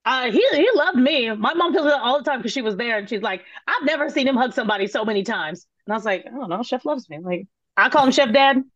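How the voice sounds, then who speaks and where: A woman, a guest telling casual stories in an interview, animated and laughing, swearing and acting out quotes. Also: on the high side, fast, no room sound, dull audio. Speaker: guest, former cooking show contestant.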